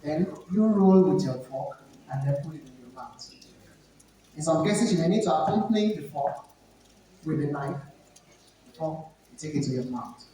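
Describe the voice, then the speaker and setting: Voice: mid-range voice, lively intonation, moderate pace, long pauses, warm tone, a little hiss or hum. A speaker with a Nigerian accent giving an emphatic, instructive seminar talk to students, repeating key points. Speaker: etiquette trainer. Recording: echoey hall, speaker far from mic.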